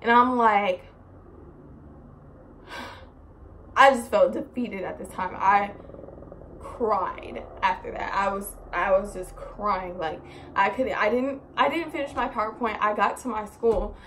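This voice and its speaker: A young woman speaks slowly with long pauses in a mid-range voice, vlogging a story over slight background noise. She rambles casually and animatedly, filling her talk with "like" and "so" and swearing in exasperation.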